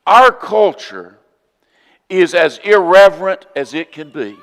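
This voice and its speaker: Southern guy preaching, kinda high voice, earnest, echo hangs in the church hall. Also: lively intonation, takes it slowly. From southern United States. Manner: earnest, emphatic preaching with sudden drops to a quiet voice. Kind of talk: sermon. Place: church auditorium.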